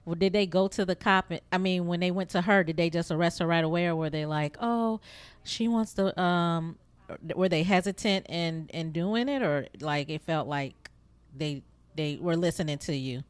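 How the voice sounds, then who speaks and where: A woman co-hosts a casual podcast chat, with a voice lower than most. She feels her way through her questions, with restarts along the way. The sound is dry and close. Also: smooth, no room sound. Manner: halting, searching questions with restarts. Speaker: co-host.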